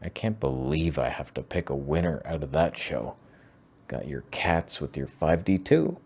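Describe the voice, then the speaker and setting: A man's voice: rumbling low, big pitch swings, moderate pace, darkish tone, slightly rough. A man hosting a comedic photo critique, ranting sarcastically and hurling insults with exasperation. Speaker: photography video host.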